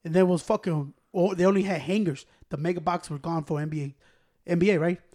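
A young man telling a story in casual chat with friends, profane and animated, breaking into laughs. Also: high-pitched, fast. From Hispanic American.

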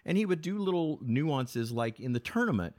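A man's voice: fairly high pitch, big pitch swings, moderate pace, a little mellow, no room sound. Chatty man guest on a podcast. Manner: chatty, enthusiastic, with frequent restarts. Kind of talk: casual podcast chat.

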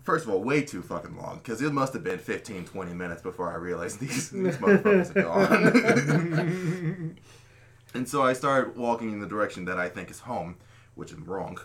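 A man's voice: low-pitched, animated, a little fast, gravelly, crowd noise. A man telling a long funny story from his childhood in casual, profane, self-mocking chat. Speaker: podcast host telling a story. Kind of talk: casual storytelling among friends.

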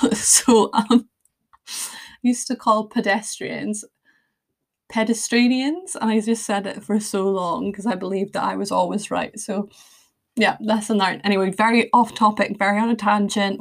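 A woman's voice: mid-range voice, gravelly. A young woman hosting a podcast, talking casually with fillers, tangents and self-deprecating asides. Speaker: podcast host. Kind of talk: casual solo podcast chat.

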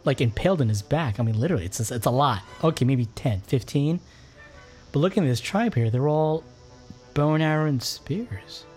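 Guy gushing about a film scene, easygoing mid-pitch voice, faint music under it. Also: expressive, normal speed, a little mellow. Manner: enthusiastic, chatty, many restarts. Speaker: podcast co-host. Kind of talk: casual movie commentary chat.

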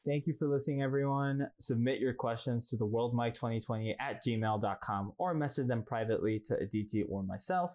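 A man co-hosting a casual podcast, blunt and quick to laugh. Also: mid-range voice, darkish tone. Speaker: podcast co-host.

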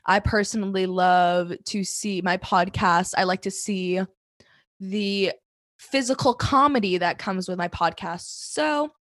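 A woman's voice: medium pitch, no room sound. Bubbly woman podcast host. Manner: bubbly, quick laughs, fillers like "like". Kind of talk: casual chat.

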